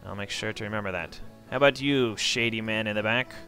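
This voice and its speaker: A man's voice: fairly low pitch, brisk, pushed and bright, soft background music. A man voicing a boastful, crude male pirate captain with brash, bawdy pirate talk.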